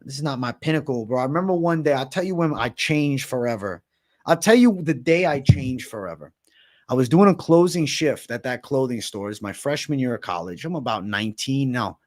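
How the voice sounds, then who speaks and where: Hyped, cussing young livestream host. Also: male voice, fairly high pitch. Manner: profane, hyped, slangy. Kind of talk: casual livestream chat.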